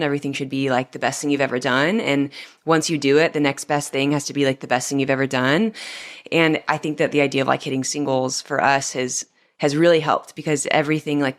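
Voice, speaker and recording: Low-voiced woman podcast host. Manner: reflective, rambling with frequent "like" fillers. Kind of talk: casual conversational interview.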